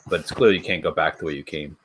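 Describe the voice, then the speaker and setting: Game master: man with a very low, bass voice, halting, full of ums. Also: a bit bright, a little hiss or hum. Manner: halting, many fillers and restarts. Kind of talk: narrating a tabletop game.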